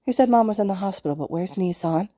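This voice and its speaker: A woman voicing a shy, quiet four-year-old boy in a storybook reading, soft-spoken. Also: medium pitch, fast talker, no echo, natural voice.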